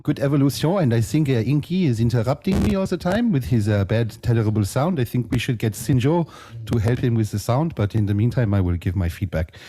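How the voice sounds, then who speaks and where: A man impersonating French beatbox judges in a put-on French accent, halting and full of "uh" as he reads out judging notes. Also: medium pitch, lively intonation, warm tone, lightly acted. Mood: playful. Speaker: judge giving feedback.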